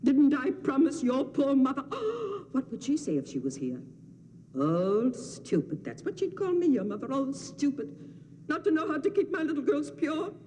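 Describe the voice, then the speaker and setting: A fussing old nursemaid scolds and frets in a mellow, darkish voice that swoops up and down. The delivery is film-drama acting, doting underneath the nagging. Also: female voice, high voice, normal speed, long reverb tail, a little hiss or hum. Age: older. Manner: scolding, fretful, lively sing-song.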